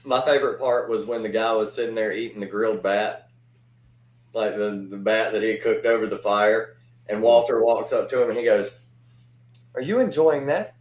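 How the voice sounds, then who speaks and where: A man on an online panel chat, telling stories in a chatty, animated way. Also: lowish voice, normal speed. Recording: roomy, echoey sound.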